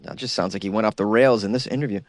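A man's voice: on the low side, steady tone, very fast, dry recording, clean studio sound. A male talk radio host giving casual, wisecracking commentary on news stories. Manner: wisecracking, laughs at his own jokes.

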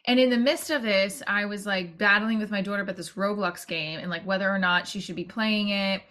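A woman's voice: mid-range voice, fairly even intonation, fairly quick, a bit bright. A woman hosting a podcast, talking in a casual, rambling monologue full of restarts and asides. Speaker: podcast host and actor-comedian.

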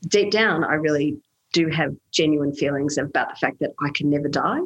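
A woman's voice: sits low, moderate pace, husky, muffled recording. A woman, speaking earnestly as an interview guest and telling stories about parenting. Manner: earnest, animated storytelling with laughs. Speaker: guest, autism awareness advocate. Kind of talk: conversational interview.

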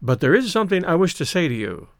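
Guy doing a frosty proper young lady, lifts his voice up high, lots of swing in it, dry close sound. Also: big pitch swings, fast talker, dry recording. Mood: firm earnest. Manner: frosty, politely formal. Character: cool, poised young woman.

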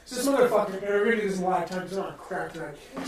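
A man co-hosting a podcast, telling profane, animated stories in a casual chat. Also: sits high, very fast, distant mic, a little hiss or hum. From Massachusetts. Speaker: podcast co-host. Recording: roomy sound from off mic.

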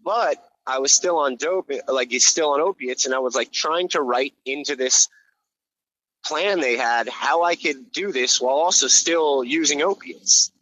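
A man's voice: fairly high pitch, measured pace, a bit bright, muffled recording. A man telling his story on a podcast in a casual, blunt way, swearing a lot and restarting his sentences. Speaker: podcast guest.

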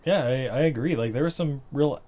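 A man casually recapping a movie on a podcast, laughing a lot and acting out lines in silly high voices. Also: fairly quick, mellow. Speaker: podcast co-host. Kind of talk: casual movie review chat.

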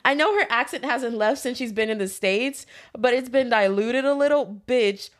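A young woman telling stories in casual chat, blunt and profane, with an animated storyteller's delivery. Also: fairly high pitch, normal speed.

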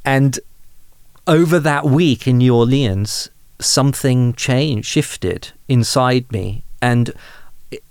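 A man in his thirties from England, a humanist chaplain, telling a personal story candidly in a podcast interview, self-deprecating and lively when amused. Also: mid-range voice, slow, smooth, no echo, studio quality.

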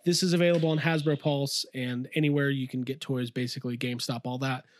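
A man's voice: medium pitch, steady tone, quick pace. A man co-hosting a casual podcast from his toy room, enthusiastic and rambling with lots of fillers. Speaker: podcast co-host. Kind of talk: casual chat.

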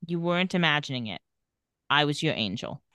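A woman's voice: sits low, expressive, fairly quick, bright, forceful tone, no room sound. A woman casually recapping a TV episode and reading the characters' lines with light sarcasm. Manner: retells scenes and reads quotes with light sarcasm. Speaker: podcast co-host recapping a TV episode.

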